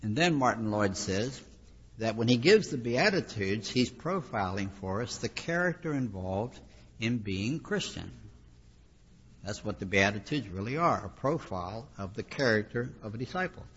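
A man delivers a sermon in a low, husky voice, talking casually but pressing his points with emphatic repetition. The recording is dull and lo-fi, and his words ring out with a long hall reverb. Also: animated, normal speed, fairly bright tone. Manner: conversational, emphatic preaching with repeated phrases. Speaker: preacher.

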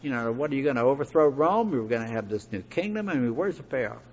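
A man's voice: mid-range voice, expressive, fast, a little mellow, slightly rough. Folksy male preacher in an echoey hall. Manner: folksy, conversational, with asides and fillers. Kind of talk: sermon. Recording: echoey hall, dull lo-fi recording.

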